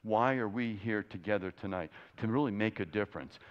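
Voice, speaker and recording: A middle-aged man preaches with passion, firing off one rhetorical question after another. His voice sits fairly low. The recording is dull and lo-fi. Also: a little fast. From Florida, USA. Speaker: guest speaker. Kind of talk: sermon.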